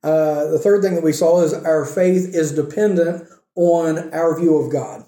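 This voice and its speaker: A man with a fairly high, mellow voice speaks a little slowly while giving a conversational sermon with scripture reading in a church sanctuary. He checks in with the congregation throughout, and the room sound echoes.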